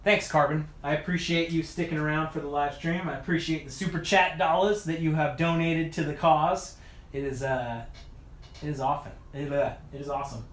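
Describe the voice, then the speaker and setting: A man's voice: a little high, fairly even intonation, normal speed. A tired man chatting to a livestream audience and muttering to himself while he works on a bike. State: tired after hours of work. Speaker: mountain bike video creator. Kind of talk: casual livestream chat while wrenching. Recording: echoey room with faint noise.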